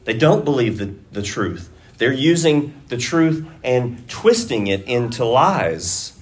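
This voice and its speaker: A man preaching a sermon at an unhurried, deliberate pace, his voice sitting at an ordinary middle pitch. He lays out his points carefully and leans hard into repeated admonitions when he presses them home. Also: sing-song, a little hiss or hum. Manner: slow, deliberate preaching that rises to emphatic urging. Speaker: pastor.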